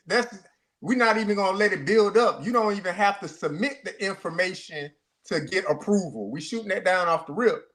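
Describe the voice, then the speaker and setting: A man's voice: high-pitched, sharp tone. A man co-hosting a sports talk show, speaking emphatically and often repeating and restarting his words.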